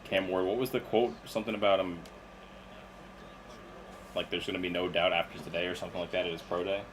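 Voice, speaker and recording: Deep-voiced man in casual talk. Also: fast talker, slight background noise, poor audio. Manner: relaxed, offhand, checks facts. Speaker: podcast co-host. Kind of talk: casual mock draft chat.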